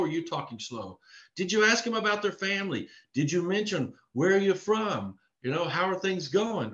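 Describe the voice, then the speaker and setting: A man's voice: fairly high pitch, bright, forceful tone. A man from Texas giving a live online sales training, earnest and repetitive in his coaching. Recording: echoey room, dull lo-fi sound.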